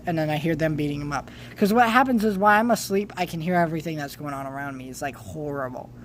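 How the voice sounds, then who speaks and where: A man's voice: a little high, a little hiss or hum. A man from California rambling casually in a vlog, with many restarts and fillers. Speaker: vlogger.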